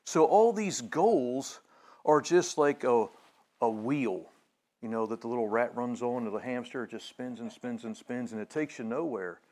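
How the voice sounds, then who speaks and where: A male pastor gives a conversational sermon at medium pitch and normal speed, full of fillers and restarts, and he grows animated when retelling a story.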